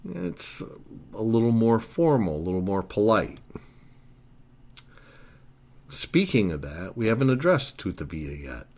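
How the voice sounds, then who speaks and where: A man's voice: fairly low pitch, big pitch swings, a little slow, creaky, pauses often, a little mellow. A man narrating a language lesson, explaining grammar earnestly and step by step. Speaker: Italian language teacher.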